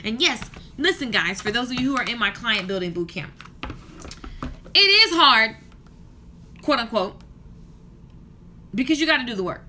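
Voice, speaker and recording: Bright-voiced woman ranting passionately. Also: fairly high pitch, sing-song, normal speed, long pauses, slight background noise. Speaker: hair stylist and business coach. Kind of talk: casual vlog rant to camera. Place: hotel room.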